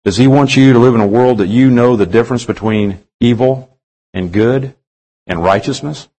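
A man preaching a sermon, reading scripture slowly with drawn-out emphasis and putting many rhetorical questions to his congregation. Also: mid-range voice, dark tone, poor audio.

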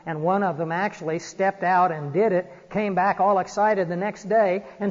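A man preaching an earnest, exhorting sermon from a church pulpit, often pausing on "uh". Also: sits high. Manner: earnest, exhorting, frequent "uh" fillers. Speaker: pastor. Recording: dull recording in a reverberant church hall.

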